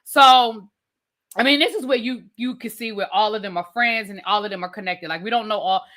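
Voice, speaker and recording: A woman's voice: medium pitch, fairly quick. A woman hosting a casual live TV review, recapping scenes with chatty asides to her viewers. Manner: chatty, animated storytelling with frequent asides to viewers. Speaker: TV review host.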